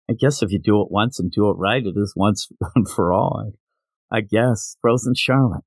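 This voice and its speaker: Animated, ranting man reviewing comics. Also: lowish voice, normal speed, no echo. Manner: ranting, sarcastic, wisecracking. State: tired from lack of sleep. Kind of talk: casual solo review show.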